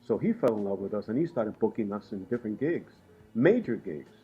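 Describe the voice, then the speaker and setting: A man from Puerto Rico, a guest musician, telling animated stories with frequent laughs. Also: on the low side, fairly quick, breathy edge, muffled recording, faint music behind. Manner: lively, laughs often while telling stories. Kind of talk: animated storytelling in conversation.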